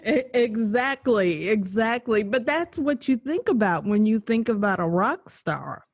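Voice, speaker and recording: A woman hosting a faith interview show, relaxed and conversational, laughing easily. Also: on the high side, unhurried, no echo. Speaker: host. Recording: dull lo-fi sound, dry.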